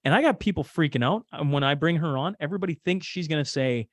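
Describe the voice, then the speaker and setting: A man's voice: a little high, quick pace, no room sound. Man in dry casual chat. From Canada. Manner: rambling, many fillers and restarts. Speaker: podcast host, interview guest. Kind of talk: casual conversation.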